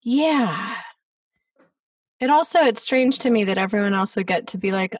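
A woman's voice: medium pitch, expressive, normal speed, pauses often, dry recording, distant mic. A woman hosting an interview podcast, chatting casually and laughing often. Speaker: podcast host. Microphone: remote recording.

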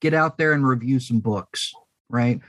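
A man chats as a guest on a podcast, earnest and unhurried, stopping on ums as he works out what to say. His voice sits at an ordinary middle pitch. The sound is dry and close, with no room around it. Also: fairly bright tone, dry recording. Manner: earnest, hesitant with many ums. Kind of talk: casual podcast chat.

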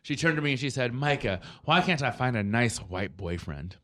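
Bright-voiced man reacting with disbelief. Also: medium pitch, animated, normal speed. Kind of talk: casual chat.

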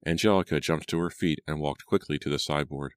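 A man narrating a horror audiobook in a measured storytelling manner. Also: a bass voice, clean tone. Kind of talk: scripted narration. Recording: dry close studio sound.

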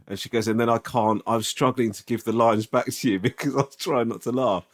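A man's voice: medium pitch, moderate pace. A man, co-hosting a podcast and telling a story in casual, swearing chat, often checking with "right?". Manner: animated, swearing, tag questions. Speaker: podcast co-host.

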